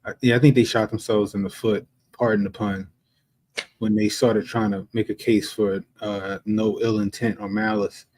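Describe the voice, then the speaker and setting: Low-voiced man joking on a stream. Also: little pitch movement, normal speed, darkish tone, poor audio. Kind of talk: casual livestream commentary.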